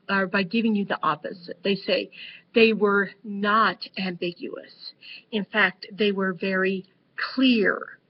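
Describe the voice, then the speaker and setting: A woman teacher talking through a vocabulary lesson, slow and deliberate with many ums and uhs. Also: medium pitch. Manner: slow, deliberate, with frequent fillers. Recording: dull lo-fi recording with faint noise.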